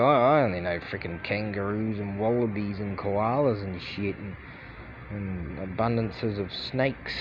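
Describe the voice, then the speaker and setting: A man with an Australian accent chatting casually while out walking, swearing freely and laughing at his own jokes. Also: on the low side. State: sleepy. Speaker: vlogger. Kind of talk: casual rambling monologue. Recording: muffled audio with street noise.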